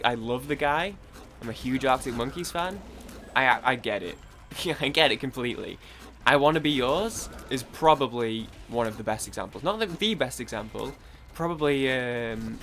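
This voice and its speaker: A young gaming streamer from Manchester, England, chats casually in a Mancunian accent while playing, rambling, stammering, repeating words and swearing freely. His voice is medium-pitched and fairly bright, with slight background noise.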